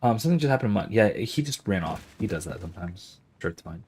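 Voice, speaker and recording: A man's voice: lowish voice, animated, fast talker, darkish tone, slight background noise. An American man hosting a casual gaming stream, rambling and musing with plenty of restarts and fillers. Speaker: host.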